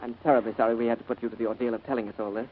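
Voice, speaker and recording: An actor in 1940s radio acting, playing a courteous, sympathetic colonial official. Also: male voice, mid-range voice, level tone, rapid-fire, lightly acted. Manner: polite, sympathetic. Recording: narrow-band 1940s radio broadcast.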